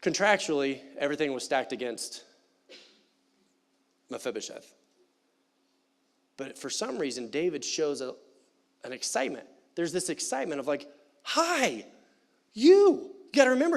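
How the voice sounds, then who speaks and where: A man preaching a sermon in a church, animated and conversational with playful asides. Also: a little high, moderate pace, vocal fry, pauses often. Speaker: pastor. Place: church sanctuary.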